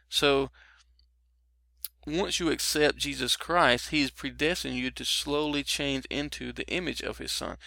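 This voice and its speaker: Man, middle-aged, Bible teaching broadcast, casual and rambling, fillers, crisp bright voice. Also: mid-range voice, no echo. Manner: conversational, frequent fillers and restarts.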